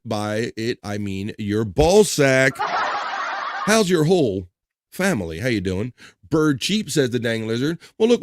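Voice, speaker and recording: A male live-stream host reels off viewers' chat messages one after another, tossing in crude banter and little chuckles. His voice sits at an ordinary middle pitch, and the sound is close and dry with no room around it. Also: no echo.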